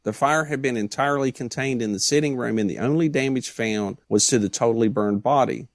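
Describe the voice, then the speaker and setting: A man's voice: mid-range voice, a little fast, dry recording. A man co-hosting a podcast, reading case reports aloud and adding dry joking asides. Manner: dry, joking asides between read passages. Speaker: podcast co-host.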